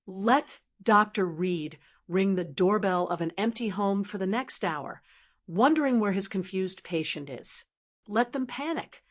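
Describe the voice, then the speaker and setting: A woman reading the lines of a cold, calculating male lawyer who speaks crisply and confidently. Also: medium pitch, expressive, a little slow. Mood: scheming.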